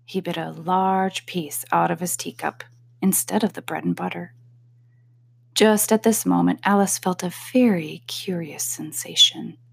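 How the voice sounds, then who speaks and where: A woman narrating a classic storybook aloud, calm with soft whispered asides. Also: fairly low pitch, vocal fry, slightly rough. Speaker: audiobook reader.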